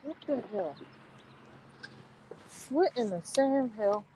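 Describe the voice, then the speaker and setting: Young female vlogger, flustered and sweary, lively highish voice, noisy car recording. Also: slow pace. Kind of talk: casual vlog talking to viewers. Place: parked car. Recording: noticeable background noise.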